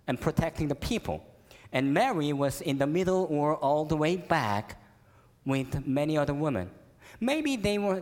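A male pastor preaching a sermon, telling the story conversationally and asking the listeners questions. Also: a little high. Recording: echoey hall with long reverb.

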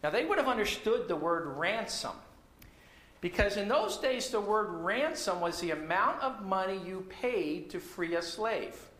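A male pastor preaching a sermon, telling a story in an animated way and acting out the dialogue. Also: high-pitched, measured pace. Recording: echoey room.

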